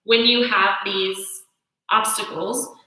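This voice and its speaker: Bright-voiced woman teaching yoga, echoey. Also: medium pitch, slow. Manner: animated storytelling with self-quotes, frequent "right?". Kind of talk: casual spoken teaching.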